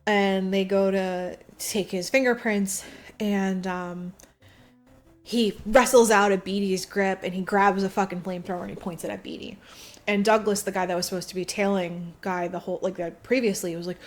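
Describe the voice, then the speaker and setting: A woman's voice: medium pitch, steady tone, normal speed, faint music behind. A woman co-hosting a podcast, casually retelling a film plot, acting out quotes and laughing often. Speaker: podcast co-host. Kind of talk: casual movie recap chat.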